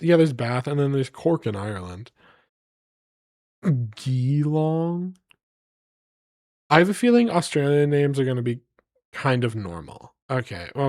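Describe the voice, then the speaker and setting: A man's voice: medium pitch, darkish tone, dry recording, clean studio sound. A man streaming live, rambling playfully to his chat as he reads place names aloud.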